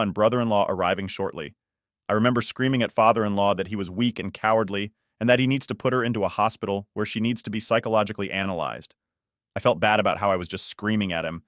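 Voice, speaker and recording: A man reading an online post aloud as a story narrator, in a steady, even reading voice. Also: lowish voice, dry recording, clean studio sound.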